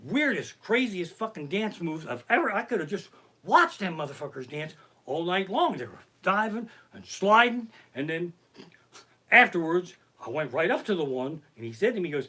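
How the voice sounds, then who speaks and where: Lively, profane male comedian. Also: high voice, moderate pace. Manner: profane, animated anecdotes. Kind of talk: stand-up storytelling on a live stream. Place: his living room. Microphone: basic home setup.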